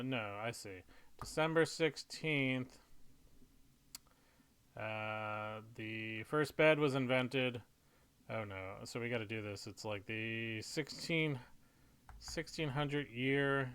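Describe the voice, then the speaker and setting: A man writing comedy and thinking aloud, halting and muttering to himself, now and then slipping into silly voices. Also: medium pitch, a bit bright, smooth. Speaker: comedy writer.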